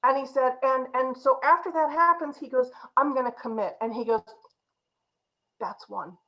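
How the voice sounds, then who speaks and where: Lively woman telling a workplace story. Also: high-pitched, moderate pace, highs cut off. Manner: animated storyteller acting out quotes, frequent "right?" and "you know". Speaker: agile coach. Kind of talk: conference talk with storytelling.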